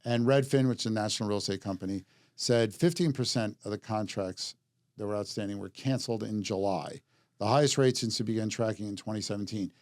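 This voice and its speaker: Jokey host in a dry studio. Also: male voice, on the low side, darkish tone, no echo. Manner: jokey, upbeat, quick asides. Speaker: podcast host. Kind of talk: casual market talk show.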